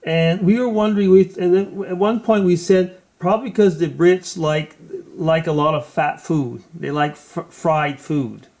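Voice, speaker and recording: A man's voice: fairly high pitch, unhurried, creaky, few pauses, darkish tone. A man hosting a casual video chat, talking hesitantly with many fillers. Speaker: host.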